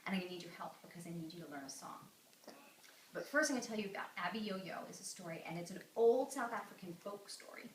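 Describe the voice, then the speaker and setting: Animated woman telling a children's story. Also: lowish voice, fast. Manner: animated, acts out voices and sound effects. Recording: echoey room from far off, background noise.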